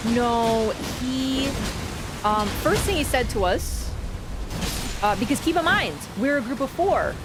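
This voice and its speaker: A young woman in her twenties from Canada, casually telling a long story while gaming, chatty and animated with frequent laughter. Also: a little high, takes it slowly, over music. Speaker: gaming streamer. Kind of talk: casual storytelling over gameplay.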